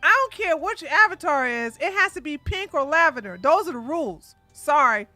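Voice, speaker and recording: A woman hosts a livestream in a high, lively voice. Her tone is bright and she swings into loud outbursts. The mic is dry and close, with faint music behind her. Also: moderate pace, dry recording. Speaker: livestream commentary host. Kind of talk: casual livestream commentary.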